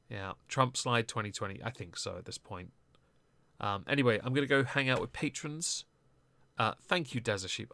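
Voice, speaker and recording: A man's voice: fairly low pitch, a bit bright, no echo. A man giving casual live-stream commentary, with sarcastic, rambling asides.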